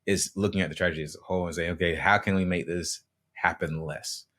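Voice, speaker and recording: A man with a notably low voice co-hosts a casual podcast. He explains news stories earnestly and offers his opinions, often restarting his sentences as he goes. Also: steady tone, fast, fairly bright tone. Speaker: podcast co-host. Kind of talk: casual chat.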